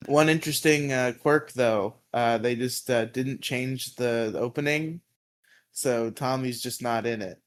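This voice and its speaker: A male podcast co-host talks slowly and unhurriedly, recapping an episode in a loose, rambling way. He fills pauses with "uh" and "um" and laughs often at his own asides. His pitch sits in an ordinary middle range. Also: slight background noise. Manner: rambling, laughing, many fillers.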